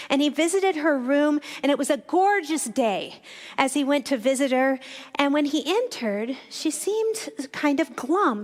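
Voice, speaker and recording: A woman minister gives a reflective sermon in a church, her voice sitting high. She tells stories and turns often to speak directly to the congregation. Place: church sanctuary.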